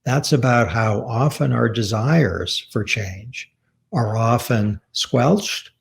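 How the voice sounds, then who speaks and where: A man giving a public lecture, speaking in a measured, earnest and reflective way as he tells a personal story. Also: medium pitch, gravelly. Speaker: author giving a talk.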